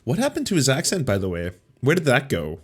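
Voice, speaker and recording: A man's voice: mid-range voice, huge pitch swings, quick pace, slightly rough. Sarcastic man hosting commentary. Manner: mocking, sarcastic asides. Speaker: political commentary host.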